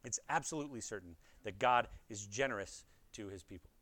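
This fairly low, fairly bright male voice moves at a fairly quick clip through an expository sermon. Earnest in tone, he speaks straight to the congregation and drives his argument home with rhetorical questions.

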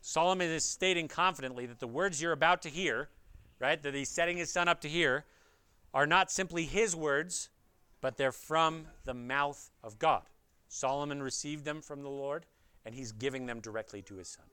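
A man's voice: fairly high pitch, moderate pace, pushed and bright, clean tone, no room sound. A man preaching an expository sermon, earnest, pressing his point with rhetorical questions and speaking straight to his listeners. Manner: addresses listeners directly.

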